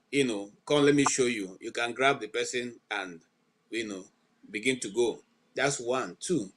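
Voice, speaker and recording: A man hosting a talk show, stepping in to calm a heated guest and steer the talk. He speaks at an ordinary middle pitch, persuasive and measured. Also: poor audio. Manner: calming, interjects to steer. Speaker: host. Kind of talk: moderating a debate.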